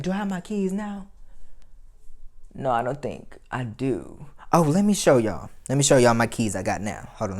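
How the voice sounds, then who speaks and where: A man telling a casual story to his viewers, animated and profane, swinging between loud outbursts and muttered asides. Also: a little high. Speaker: vlogger.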